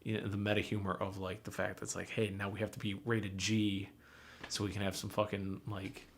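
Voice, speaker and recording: A man's voice: fairly low pitch, flat delivery, fairly quick. A young man co-hosting a podcast in casual chat, laid-back, with lots of fillers and swearing. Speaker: podcast co-host.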